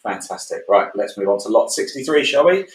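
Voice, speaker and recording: A man hosting a live auction show, upbeat and brisk as he introduces each lot. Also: lowish voice, sing-song. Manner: upbeat, brisk link-host prompting. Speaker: show host. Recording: roomy echo.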